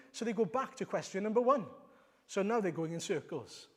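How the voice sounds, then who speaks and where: Male preacher, fairly high voice, emphatic sermon delivery, long church reverb. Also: animated, fairly quick. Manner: emphatic, rhetorical questions, repeats lines.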